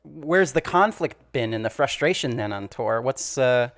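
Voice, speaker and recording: A man's voice: mid-range voice, animated, moderate pace, a bit bright. A man interviewing a guest over a video call, a touring artist himself, asking casual questions with many "uh" restarts.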